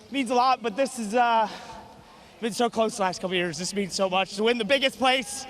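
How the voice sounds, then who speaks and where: A man, the race winner, out of breath and shouting with elation in a trackside interview. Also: high voice, brisk. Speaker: winning driver. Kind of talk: post-race victory lane interview.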